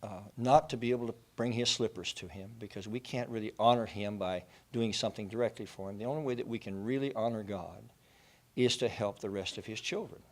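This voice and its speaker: A man's voice: fairly low pitch, fairly quick. A man giving an inspirational faith talk, an earnest storyteller who builds to passionate lists. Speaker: speaker at a faith gathering.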